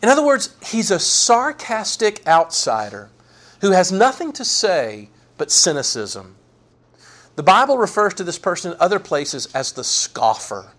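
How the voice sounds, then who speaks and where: A man preaching a sermon, animated and folksy, acting out sarcastic quotes. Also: high-pitched, unhurried. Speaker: pastor.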